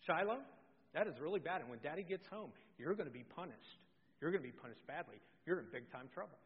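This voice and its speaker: A man's voice: a little high, animated, fast talker. A man voicing a bossy ten-year-old girl who tattles on her sister in a self-important, scolding way. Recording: dull sound with long hall reverb.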